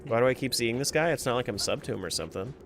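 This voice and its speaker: A man's voice: medium pitch, expressive, very fast. A man chatting casually on a live stream as he plays a game, talking to himself and to chat and laughing often.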